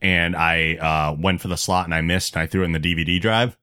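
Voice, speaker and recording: A man's voice: low voice, steady tone, fairly quick, pushed and bright, clear, resonant tone, no echo. A man hosting a podcast, chatting casually and dropping wry, dry remarks. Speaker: podcast host. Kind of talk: casual chat.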